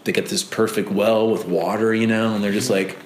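A man hosting a casual conversation, telling a story with lots of animation and sudden leaps up in pitch whenever he quotes someone. The room is roomy and echoey, with a faint hum of ambience behind him. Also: a little fast. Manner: animated, acts out quoted voices with big pitch jumps. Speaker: host.

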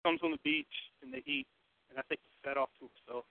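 A man preaching a sermon in a conversational way. He asks the congregation questions and swings between loud, emphatic bursts and hushed asides. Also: fairly high pitch, big pitch swings, fast, gravelly, narrow, tinny audio. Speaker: pastor.

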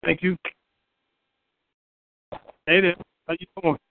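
A man, the featured guest poet, talking in a quick, friendly, casual way. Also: high voice, little pitch movement, vocal fry, slight background noise. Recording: tinny phone-like line, dry.

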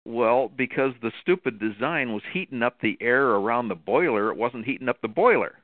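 A man's voice: mid-range voice, animated, brisk, no room sound. A man calling in to a talk show, ranting indignantly about wasted government money. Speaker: regular caller. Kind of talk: call-in commentary. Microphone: phone. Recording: tinny phone line.

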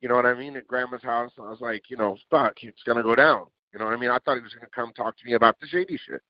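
A man telling stories as a podcast guest in a casual, animated way, swearing and acting out what people said. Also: mid-range voice, racing. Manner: animated, swears, acts out quotes. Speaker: interview guest, music producer. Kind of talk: casual storytelling. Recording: dull lo-fi dry sound.

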